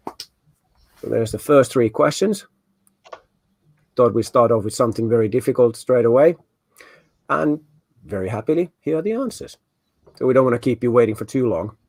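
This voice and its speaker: A man's voice: mid-range voice, darkish tone, no echo. Jokey man hosting an online quiz. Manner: jokey, playful. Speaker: quiz host at an online party. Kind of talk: casual virtual party quiz. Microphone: video call.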